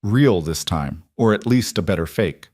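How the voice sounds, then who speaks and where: Low-voiced man narrating a thriller. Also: lively intonation, normal speed, darkish tone, no echo, clean studio sound. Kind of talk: scripted audiobook narration.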